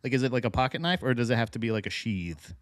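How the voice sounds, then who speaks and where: A man's voice: medium pitch, quick pace. A man co-hosting a casual podcast, laid-back, laughing often and reacting to chat comments. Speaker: podcast co-host.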